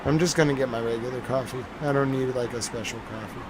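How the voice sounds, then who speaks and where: A man's voice: medium pitch, fast, background noise. A tired man hosting a live stream, chatting casually and rambling to his viewers.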